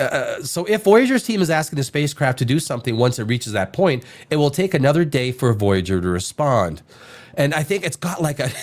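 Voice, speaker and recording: Male podcast host, lively pitch, rambling and joking, congested with a cold. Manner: rambling, joking, reads articles aloud with asides. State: has a bad cold. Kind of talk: casual livestream chat reading news aloud.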